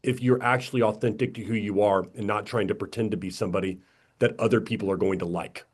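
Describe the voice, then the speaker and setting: A man talking as a podcast guest, blunt and animated, acting out quotes and swearing casually. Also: lowish voice, fast talker, husky. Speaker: podcast guest, media company owner.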